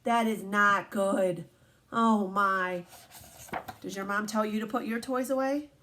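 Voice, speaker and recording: A woman teacher reading a picture book aloud to children, animated and asking them questions as she goes. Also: mid-range voice, slow, a little hiss or hum.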